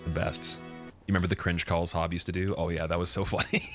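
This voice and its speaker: A young man with a very low voice gives casual live commentary while playing. He rambles, restarts, and laughs often as he chats. Faint music plays underneath. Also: little pitch movement, quick pace. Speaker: game streamer.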